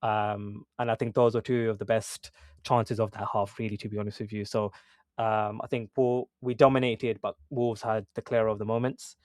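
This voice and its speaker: Low flat-voiced man chatting football. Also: moderate pace, no echo, clean studio sound. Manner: conversational, many fillers and restarts. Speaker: podcast co-host. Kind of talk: casual football chat.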